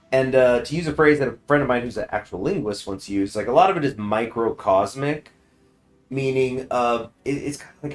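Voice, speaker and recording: A man streaming a strategy game, chatting casually with rambling asides and frequent chuckles. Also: on the low side.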